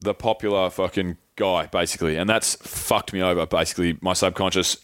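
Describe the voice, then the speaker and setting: Fast-talking Australian man, swearing freely. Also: low voice, steady tone, fairly bright tone, dry recording. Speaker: podcast co-host. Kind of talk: candid storytelling chat.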